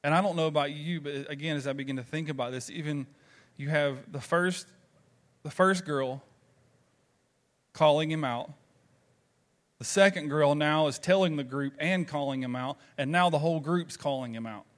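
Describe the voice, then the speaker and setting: A man's voice: fairly high pitch, normal speed, pauses often. A man with a Southern American accent preaching a sermon, telling stories conversationally and throwing rhetorical questions to the congregation. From Southern United States. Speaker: pastor.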